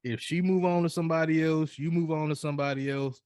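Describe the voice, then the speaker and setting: A man's voice: on the high side, steady tone, quick pace, a little mellow, no echo, studio quality. A man co-hosting a casual chat, telling stories and giving loose, profane advice with lots of restarts. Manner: loose, profane, preachy storytelling with repeated restarts. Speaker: podcast co-host.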